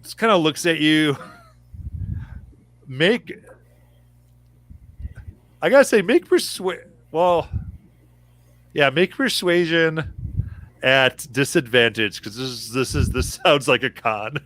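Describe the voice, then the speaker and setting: A man runs a tabletop game as game master, explaining options and rulings in a relaxed, halting way, with many fillers. His voice is bright and forward, recorded close and dry. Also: a little high, no echo, poor audio.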